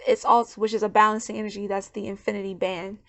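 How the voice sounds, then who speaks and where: A woman's voice: mid-range voice, flat delivery, quick pace, gravelly, a bit bright. A woman giving a channeled tarot reading in a loose, conversational way, often repeating words as she searches for her thoughts. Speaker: tarot reader.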